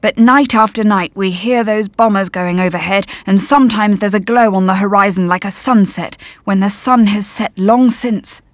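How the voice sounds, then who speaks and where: A woman's voice: medium pitch, normal speed, hardly any pauses, dry recording, natural voice. A woman doing a curt, wary German father. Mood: grave. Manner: curt, muttering.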